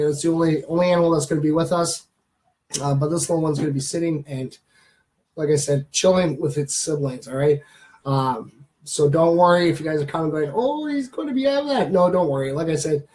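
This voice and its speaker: A chatty Canadian man livestreams casually while showing off his pet baby lizard, using many fillers and cooing softly at the animal. His voice is fairly high-pitched, and the audio quality is poor.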